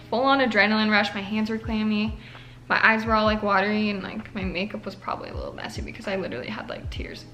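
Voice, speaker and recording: A woman's voice: fairly high pitch, fairly bright tone. Young woman, emotional cracking voice. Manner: chatty, many "like" fillers, emotional. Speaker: nursing student. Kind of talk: casual storytelling vlog.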